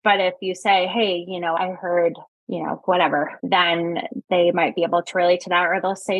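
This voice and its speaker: A woman speaking as a guest on a podcast, chatting casually as a speech-language pathologist and acting out little quotes with sudden jumps in pitch. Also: level tone, moderate pace, breathy edge, dry recording, poor audio.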